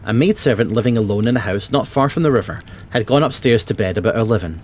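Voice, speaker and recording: Scottish man reading a dark classic aloud. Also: lowish voice, animated, quick pace, a little hiss or hum. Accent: Scottish, Edinburgh. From Scotland. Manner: dramatic storytelling with occasional slips and self-corrections. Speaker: narrator, audiobook reader.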